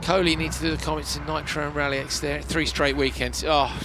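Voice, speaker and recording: A male rallycross commentator, hoarse and tired, chatting warmly and emotionally on a live broadcast. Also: a little high, flat delivery, a little fast, noisy background. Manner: chatty, emotional, laughs often. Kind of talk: casual live broadcast chat.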